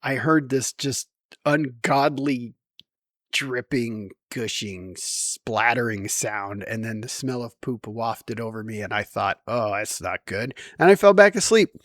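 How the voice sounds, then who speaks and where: A man's voice: mid-range voice, a little slow, a bit bright, no room sound, studio quality. A middle-aged man musing at home in a rambling, wry, self-deprecating monologue. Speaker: vlogger.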